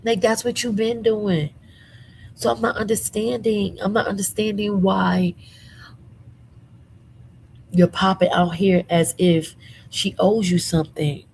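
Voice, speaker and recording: A woman hosting a casual commentary show from her room at home, sassy and animated with lots of slang, a little under the weather. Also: mid-range voice, measured pace, vocal fry, pauses often, slight background noise, low-quality recording. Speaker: commentary channel host.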